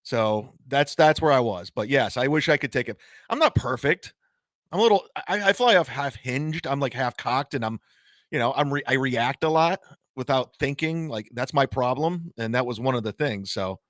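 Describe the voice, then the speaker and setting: Halting, defensive man on a livestream. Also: medium pitch, lively intonation, fairly bright tone, dry recording, studio quality. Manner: halting, repeats words, defensive. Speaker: comedian and podcast guest. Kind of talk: casual livestream interview.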